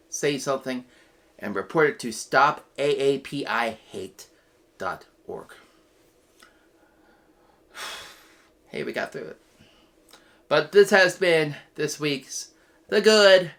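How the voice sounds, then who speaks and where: An earnest man hosts a web show's news segment with impassioned commentary. He talks slowly and deliberately. His pitch rises and falls a lot, and he breaks into loud, emphatic outbursts. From United States. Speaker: host of a weekly web show news segment.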